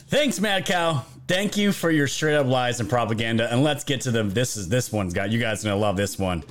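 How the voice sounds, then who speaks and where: A man hosts a chatty commentary show, mocking his targets and speaking straight to his viewers. His delivery is lively and swings widely in pitch, with a middling voice. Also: a little fast. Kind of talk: casual political commentary.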